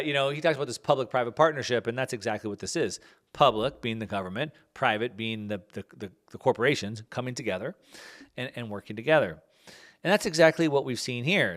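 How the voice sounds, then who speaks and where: A man's voice: mid-range voice, a bit bright. A man hosting a podcast, talking off the cuff in a rambling way, with many fillers and restarts. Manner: plugs his own book. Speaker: podcast host. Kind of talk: casual podcast monologue.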